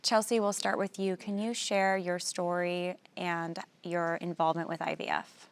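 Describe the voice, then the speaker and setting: A woman host moderates a panel conversation, introducing each guest with polite, gentle prompts. Her voice sits on the low side with a gravelly fry, and it stays fairly flat in pitch. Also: moderate pace.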